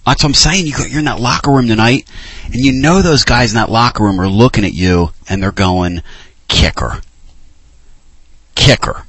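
A man's voice: mid-range voice, fairly quick, fairly bright tone, breathy edge, no echo. Passionate male radio host. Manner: emotional, passionate. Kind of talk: sports talk radio.

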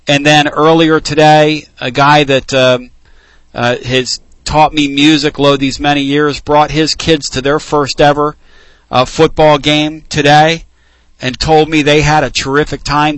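A man hosting a call-in sports radio show, folksy and animated. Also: mid-range voice, no echo, low-quality recording. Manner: animated, folksy, laughs freely.

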